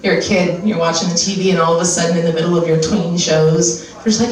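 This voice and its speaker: A woman's voice: lowish voice, fairly even intonation, quick pace. A woman putting on the voice of a pushy skincare advertiser in a stand-up bit. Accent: American. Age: 30s. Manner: brash, profane, conversational storytelling. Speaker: stand-up comic. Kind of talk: stand-up comedy set. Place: live comedy venue with audience. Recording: echoey room recorded from far off, crowd noise.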